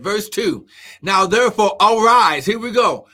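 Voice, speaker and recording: A male preacher with a very high, bright and forceful voice, delivering a sermon to an online audience. He preaches with fervour, often shouts and keeps urging his listeners on with "come on now." He breaks into speaking in tongues now and then. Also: animated, a little slow. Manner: fervent, frequently shouting, repeats "come on now". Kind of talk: live-streamed sermon.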